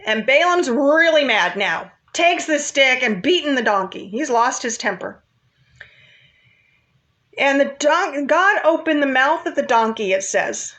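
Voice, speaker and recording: A woman's voice: sits high, expressive, a little slow, a bit bright. A woman casually retelling a Bible story in a chatty, informal way, with asides to her viewers.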